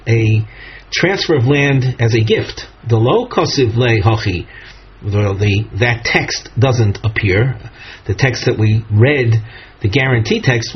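A man teaching a Talmud study lesson, reading passages aloud and translating them in a measured, explanatory way with frequent fillers. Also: mid-range voice, slightly rough. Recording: dull lo-fi recording.

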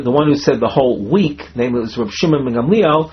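A man teaching a Talmud class, the text and explaining it step by step in a measured way, an of the text. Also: medium pitch, expressive, slightly rough. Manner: reads and explains, slow and measured, with self-corrections. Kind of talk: Talmud class, reading and translating line by line. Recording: muffled lo-fi class recording.

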